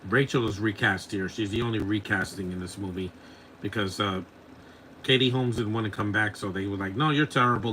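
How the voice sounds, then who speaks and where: A man's voice: fairly low pitch, bright, forceful tone, a little hiss or hum. A man in his forties hosting a live movie commentary podcast, blunt and opinionated, rambling from one complaint to the next. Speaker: podcast host.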